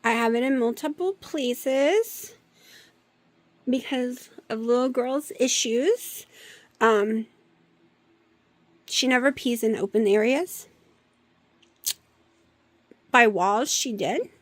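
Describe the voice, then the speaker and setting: Chatty high-voiced woman vlogging at home. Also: slow, long pauses, no room sound. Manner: chatty, coos baby talk at her cats. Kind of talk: casual chat to camera. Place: home room.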